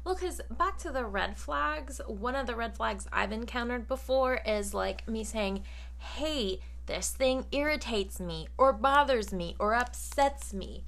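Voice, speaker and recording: A woman's voice: a little high, expressive, measured pace, a bit bright. A woman joining a podcast as a guest, talking bluntly in casual slang with some swearing. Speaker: podcast guest, host's sister. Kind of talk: casual chat.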